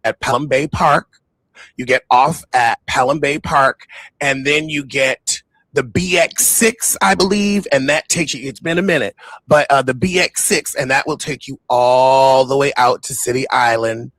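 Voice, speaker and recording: A man's voice: mid-range voice, measured pace, fairly bright tone, no room sound, studio quality. A man, hosting a reaction show, talking in a casual, mocking way and swearing freely. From the Bronx, New York. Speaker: host reacting to an interview.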